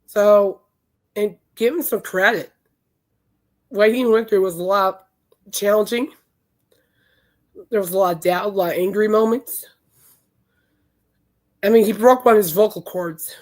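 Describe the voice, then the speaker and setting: A woman podcast host, hoarse from singing, talking in a chatty, emphatic and indignant way. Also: medium pitch, unhurried, pauses often, darkish tone. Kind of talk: casual chat.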